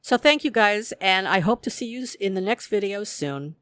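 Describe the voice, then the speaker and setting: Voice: mid-range voice, lively intonation, moderate pace, fairly bright tone, clear, resonant tone, no echo. A host giving a casual episode recap, retelling scenes and acting out the characters' lines.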